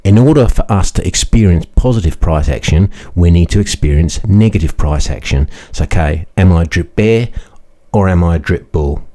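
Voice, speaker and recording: A rambling crypto financial advisor, put on by a man, pitched higher than his usual voice. He keeps hedging every claim and cannot commit to anything. The voice underneath stays warm and mellow. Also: expressive, moderate pace. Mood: hedging hype. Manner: hedging, repeats "don't quote me on that".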